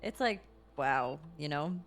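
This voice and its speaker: A woman's voice: low voice, expressive, a little slow, a bit bright, a little hiss or hum. A woman streaming a video game, chatting casually and reacting aloud to what happens and to her chat. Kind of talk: casual gameplay commentary.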